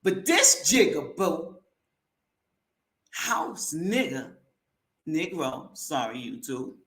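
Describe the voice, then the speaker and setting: A woman's voice: low-pitched, very animated, drawn-out words, a bit bright. A woman hosting a commentary show, giving a blunt, heated and slangy opinion monologue. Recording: echoey room.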